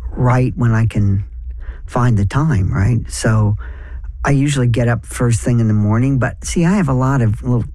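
A man in his sixties, an author being interviewed, telling anecdotes in an animated way with sudden pitch jumps. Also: no room sound. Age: 60s. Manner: animated storyteller, jumps in pitch for emphasis, quick asides. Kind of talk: conversational interview.

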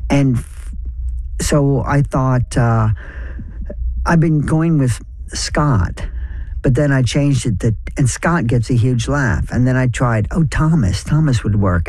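Brief: male author, 60s, lively raconteur, mellow voice, dry studio sound. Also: dry recording. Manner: animated storyteller, jumps in pitch for emphasis, quick asides. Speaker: author, interview guest. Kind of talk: conversational interview.

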